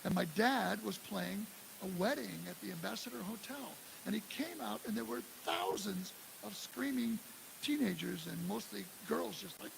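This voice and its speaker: A man in his sixties from the Detroit area, telling animated stories at a live drum clinic in a music store. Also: high-pitched, moderate pace, vocal fry. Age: 60s. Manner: animated storyteller who acts out quotes and scats drum parts. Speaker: guest drummer giving a clinic. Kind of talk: live clinic talk and storytelling. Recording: live room with steady hiss.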